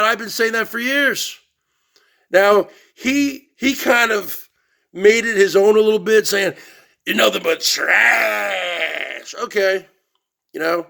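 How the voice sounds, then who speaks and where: Boastful gravelly man ranting slowly. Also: sits high, bright, forceful tone. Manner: boastful, repeats "okay?" and "I came up with that". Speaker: show host. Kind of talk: ranting livestream monologue.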